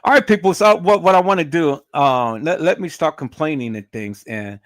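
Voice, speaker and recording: Guy ranting live on stream, high voice all over the place, cussing, keeps tripping on his words. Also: animated, moderate pace, no room sound, clean studio sound. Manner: profane, repeats words and restarts when worked up. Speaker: livestreamer.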